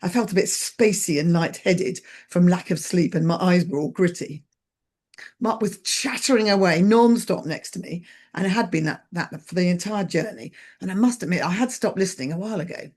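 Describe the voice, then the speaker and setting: A woman from England, telling a story with brisk, wry narration. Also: on the low side, darkish tone. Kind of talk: oral storytelling performance.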